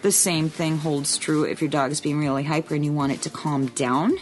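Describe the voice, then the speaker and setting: A woman's voice: low voice, fairly even intonation, normal speed, faint music behind. A woman co-hosting a podcast in casual chat, explaining earnestly with frank asides. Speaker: podcast co-host.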